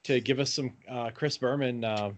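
A man's voice: medium pitch, fairly even intonation, moderate pace. A man joking around on a casual movie podcast, loose and meandering. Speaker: podcast co-host. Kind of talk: casual movie commentary chat.

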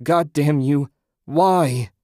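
Brief: a man playing a raw, desperate husband, voice pushed high in grief, dry booth. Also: animated, a little slow, no echo. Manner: pleading, shouting in despair.

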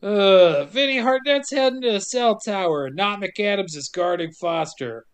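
A man's voice: high voice, normal speed, smooth. A man hosting a casual podcast, recapping a film with sarcastic, profane jokes. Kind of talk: casual chat.

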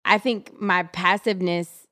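A woman's voice: on the low side, steady tone, a little slow, bright, forceful tone, no room sound, studio quality. A young adult woman co-hosting a podcast, talking candidly in casual chat and laughing often. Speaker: podcast co-host.

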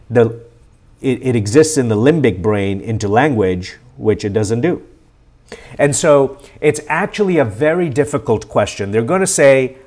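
A middle-aged man hosting a live-stream question session, talking in an earnest, animated and encouraging way. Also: medium pitch. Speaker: host.

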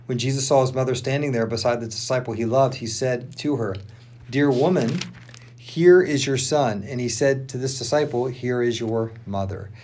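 A man co-hosting a podcast, reading a Bible passage aloud in turns, plain and steady with small slips. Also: mid-range voice, moderate pace, slight background noise. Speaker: podcast co-host reading scripture.

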